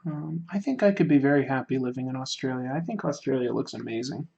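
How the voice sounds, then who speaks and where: A man's voice: mid-range voice, quick pace, creaky, darkish tone, lo-fi sound. A man chatting casually with viewers while he draws on a livestream, rambling and self-deprecating, with frequent fillers. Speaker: livestreaming artist. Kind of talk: casual chat while drawing, answering viewer comments.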